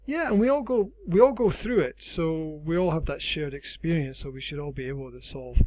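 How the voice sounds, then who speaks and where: A man's voice: on the high side, a little fast, a little mellow, dry recording, rough recording. A man interviewing a student as her teacher, thinking aloud and repeating words while he talks, his voice wearing out. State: losing his voice. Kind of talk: casual interview.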